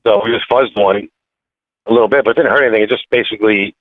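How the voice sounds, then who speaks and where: A man calling in as a guest racer, talking in halting, filler-heavy bursts over the phone. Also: lowish voice, steady tone, dry recording. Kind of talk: casual phone interview. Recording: tinny phone line, dry.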